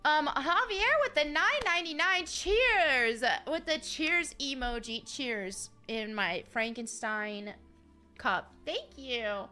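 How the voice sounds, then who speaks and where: Female game streamer, high bright voice, giggly and chatty, reads chat aloud. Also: takes it slowly, soft background music. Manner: chatty and giggly, with frequent fillers and restarts. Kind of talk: casual live-stream chat, reading viewer messages.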